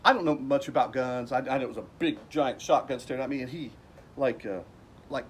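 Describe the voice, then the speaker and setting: A man's voice: mid-range voice, brisk, slight background noise. A man casually telling a personal story at home in a rambling way, acting out the people he quotes.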